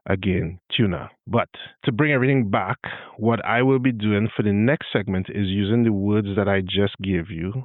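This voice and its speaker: Trinidadian man, podcast host teaching speech habits, low voice, good-humored, thin phone-like audio. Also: no room sound. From Trinidad and Tobago. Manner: good-humored, spells out sounds slowly to demonstrate. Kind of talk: explanatory monologue, tutorial. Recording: dry, tinny phone-like sound.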